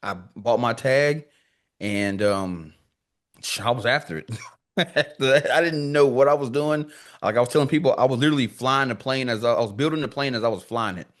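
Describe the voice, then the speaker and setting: A man telling his stories as a podcast guest, relaxed and loose with his slang. His pitch sits in the middle range. He tells stories animatedly and acts out the voices of people he quotes. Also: a little fast. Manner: animated storyteller who acts out quoted dialogue; laid-back, slangy talk full of "dude" and "man". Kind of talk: casual podcast conversation.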